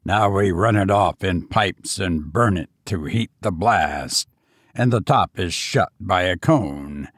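A man voicing a menacing ironworks master who talks forcefully and at length in a low, brooding voice. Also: lively intonation, takes it slowly, no echo, clean studio sound, heavily acted. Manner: forceful, loquacious showman.

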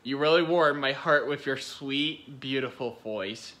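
A man's voice: mid-range voice, measured pace, sharp tone. A man giving giggly, rambling reaction-video commentary, gushing over what he watches.

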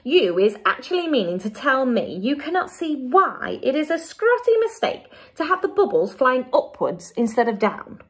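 A huge, friendly giant booms out his muddled words with loud, swinging emphasis, as an English woman puts him on for a storybook reading. His lines leap up and down in pitch with lots of drama. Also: sing-song, normal speed, hardly any pauses, slightly rough, exaggerated voice. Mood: indignant. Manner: booming, emphatic, garbled grammar.

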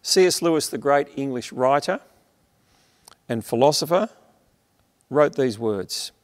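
A man with an Australian accent preaching an earnest sermon, slowing on key words and letting his sentences fall away at the end. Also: mid-range voice, expressive. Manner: earnest, emphatic preaching with slowed stresses and dropping endings. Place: church, streamed online. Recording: long hall reverb.

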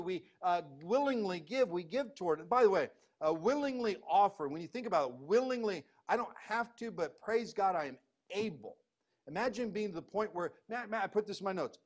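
A man preaching a sermon as pastor, emphatic, swinging between loud bursts and hushed scripture reading. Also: high voice.

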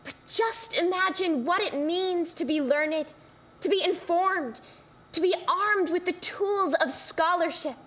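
An earnest, slow speech. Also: female voice, extremely high pitch, a bit bright. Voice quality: earnest, declamatory. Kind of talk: stage play acting. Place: theater stage.

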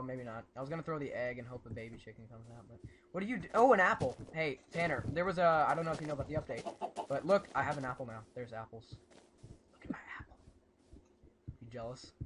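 A man hosting a casual gameplay commentary, excitable and prone to bursts of panicked yelling. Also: mid-range voice, background noise. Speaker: gaming channel host.

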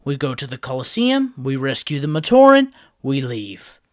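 A man's voice: mid-range voice, big pitch swings, normal speed, dry recording, studio quality, voice pushed up, natural voice. A man voicing an impatient young male hero leader who snaps commands, in an audiobook reading. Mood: urgent, commanding. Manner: snappish, commanding, rising to loud.

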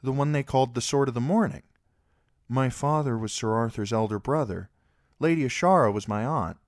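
A man's voice: medium pitch, normal speed, no room sound, studio quality, pitched above the performer's own voice, natural voice. A man voicing a shy, polite boy squire and young lord in a storybook reading, earnest and a little hesitant. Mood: solemn.

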